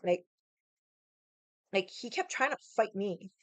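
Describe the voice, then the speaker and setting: A woman vlogger telling a story in a casual, animated way, swearing a lot and using lots of "like" fillers. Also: mid-range voice, takes it slowly, no room sound. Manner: animated, heated retelling.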